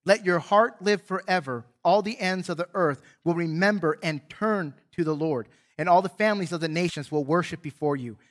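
Male pastor, higher-pitched, earnest preacher who reads scripture with dramatic swells and quiet drops. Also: moderate pace, few pauses. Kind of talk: sermon with scripture reading. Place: church sanctuary.

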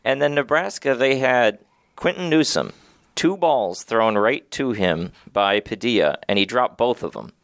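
A man's voice: mid-range voice, measured pace, vocal fry, dry recording, clean studio sound. A man co-hosting a casual sports talk show, retelling game moments and weighing a coaching hire. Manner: storytelling, animated when retelling plays. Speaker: podcast co-host.

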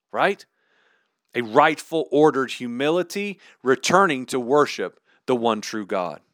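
A man preaching earnestly and conversationally. His voice sits a little high for a man. It is recorded close and dry, with no room echo. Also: fairly bright tone. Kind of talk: sermon teaching.

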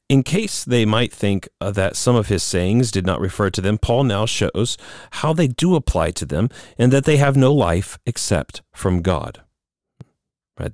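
A man's voice: low voice, no room sound, clean studio sound. A man preaching a sermon, reading scripture and a commentary aloud and then explaining it earnestly, with restarts as he speaks freely. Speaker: pastor.

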